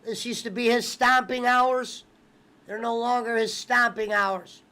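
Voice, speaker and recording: High-voiced man in profane casual chat. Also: a little slow, clean tone. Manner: excitable, swears a lot, keeps acting out movie lines. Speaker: watch-along host.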